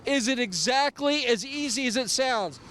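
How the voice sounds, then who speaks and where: A man's voice: very high-pitched, animated, moderate pace, pushed and bright, a little hiss or hum. A man hosting a TV car ad who eagerly feeds leading questions to a dealer and repeats the key phrases. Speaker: ad host. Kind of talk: infomercial hype interview.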